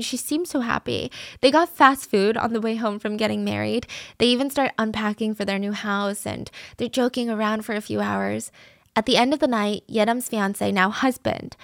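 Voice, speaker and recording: A woman's voice: mid-range voice, creaky, dry recording, clean studio sound. A woman narrating a true crime case in a casual, conversational way, earnest and openly moved.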